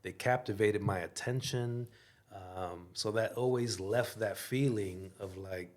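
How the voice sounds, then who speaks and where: A man in his forties from Chicago, a podcast guest and theater maker, talking in a relaxed, reflective way with many "you know"s. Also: on the low side, unhurried. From Chicago, USA. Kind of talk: casual interview chat.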